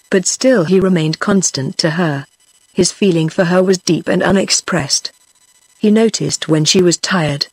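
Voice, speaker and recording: A text-to-speech woman's voice with a British English accent, reading a novel aloud in a steady, even manner. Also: on the low side, slightly rough, dry recording. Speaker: audiobook narrator.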